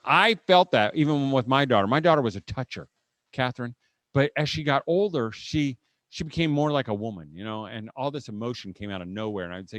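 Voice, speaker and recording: A middle-aged man speaking at a homeschool conference before a live audience. He tells stories with humor and quick asides, often restarting his sentences, and ends by leading a prayer. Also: mid-range voice, fairly bright tone, no room sound. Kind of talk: live seminar talk with humor, closing in prayer.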